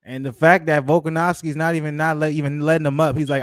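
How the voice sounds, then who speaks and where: A man's voice: a little high, little pitch movement, fast talker, dry recording. A man hosting a live fight watch-along, talking in a hyped, slangy way and repeating his exclamations. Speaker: channel host.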